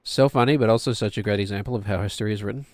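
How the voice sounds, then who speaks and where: A man's voice: fairly low pitch, rapid-fire, a little mellow. A man streaming a game, chatting casually as he thinks aloud to himself and to his chat. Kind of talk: casual gameplay commentary.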